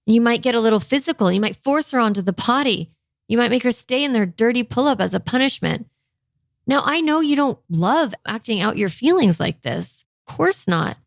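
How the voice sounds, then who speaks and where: A woman in her thirties coaching parents in a lively, energetic way, often acting out a parent's inner thoughts and checking in with "okay?". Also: on the high side, moderate pace, gravelly, no echo, clean studio sound.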